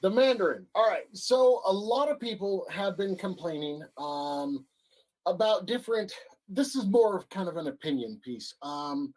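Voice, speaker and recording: A man co-hosting a casual comic-book chat show, pausing often with ums as he lays out an opinion. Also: high voice, expressive, a little mellow, rough recording. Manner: hesitant, lots of ums. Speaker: podcast co-host.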